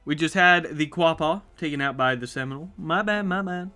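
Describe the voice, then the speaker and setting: Guy narrating a map sim battle, voice sits high, chatty and hyped, little bit of music under it. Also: fairly quick. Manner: upbeat, chatty, reacts with excitement. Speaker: YouTube host. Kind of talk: live commentary on a map simulation.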